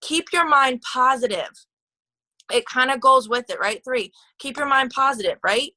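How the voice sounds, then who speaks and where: A woman's voice: high voice, moderate pace, sharp tone, no echo, low-quality recording. A woman leading a motivational team call, chatty and gushing, with lots of fillers and restarts. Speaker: team leader.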